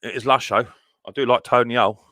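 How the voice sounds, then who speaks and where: A middle-aged man hosts a live stream from home, greeting viewers and chatting away cheerfully. He talks fast in a bright, forceful voice. The sound is dry and close, with no room echo. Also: mid-range voice, steady tone. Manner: chatty, cheerful, reads viewer comments aloud. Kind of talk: casual live stream chat.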